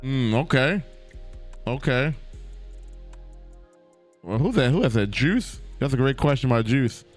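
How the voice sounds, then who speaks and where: A man hosting a casual podcast interview, halting as he reads out questions. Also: medium pitch, expressive, faint music behind. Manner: halting, loses his place while reading questions. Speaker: podcast host.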